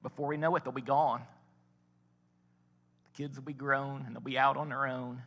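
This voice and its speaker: A man's voice: medium pitch, flat delivery, normal speed, a bit bright. A man preaching a sermon, telling a story and asking the congregation questions. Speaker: pastor. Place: large church sanctuary. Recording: church hall reverb.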